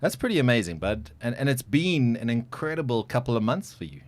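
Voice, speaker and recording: A man's voice: mid-range voice, very animated, a little fast. A man hosting a casual interview, chatty and joking with plenty of fillers. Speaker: podcast host.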